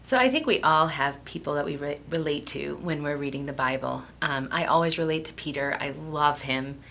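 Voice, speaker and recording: A woman giving a devotional Bible reading and reflection, emotional and halting, close to tears and often dropping to a near whisper. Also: low voice, creaky, fairly bright tone, slight background noise. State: tearful, close to crying. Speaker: devotional speaker.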